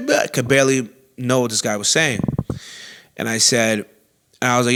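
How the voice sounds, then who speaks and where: A young adult man and comedy show host, telling a story in a loud, animated way with constant swearing and acted-out quotes. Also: medium pitch, fast talker.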